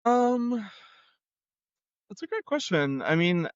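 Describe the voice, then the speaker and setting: A young Canadian man tells a story in a relaxed, chatty way and slips into other people's voices as he goes. His voice sits a bit high for a man and sounds smooth and crisp. It is recorded close and dry, with a slightly dull tone. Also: slow, dry recording. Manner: animated, acts out others' voices in quotes. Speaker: guest. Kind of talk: casual storytelling.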